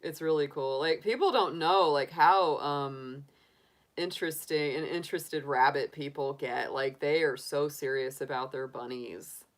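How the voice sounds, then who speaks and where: A woman's voice: sits low, a little slow. A middle-aged woman hosting a livestream, chatting casually with viewers in a giggly, rambling way full of laughs and restarts. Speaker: tarot reader livestream host. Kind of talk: casual chat answering live viewers.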